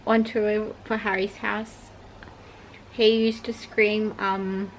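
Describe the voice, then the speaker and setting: A woman's voice: mid-range voice, flat delivery, slow, slight background noise, poor audio. A young woman chatting casually and emotionally as she reacts to an album, gushing about the songs. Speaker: vlogger reacting to music. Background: pop music playing.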